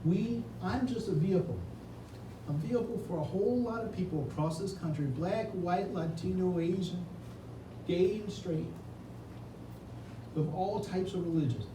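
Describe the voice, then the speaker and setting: A man's voice: high-pitched, moderate pace. A man giving an earnest, emotional campaign speech at an indoor reception, tearful and repeating words when moved. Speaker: political candidate. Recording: echoey room, distant mic, ambient noise.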